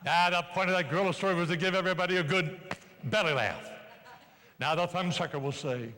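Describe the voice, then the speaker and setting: An older man giving a live motivational speech to an audience in a large hall, animated and playful as he urges the crowd along. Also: high voice, fast. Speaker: motivational speaker. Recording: long reverb in a hall.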